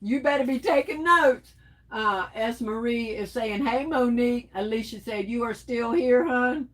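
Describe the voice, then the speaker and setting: A woman's voice: a little high, a little slow, rough recording. A middle-aged woman hosting a casual livestream, reading viewer comments aloud and chatting back with them in a teasing way. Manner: chatty and teasing, addresses viewers as y'all, laughs often. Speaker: livestream host.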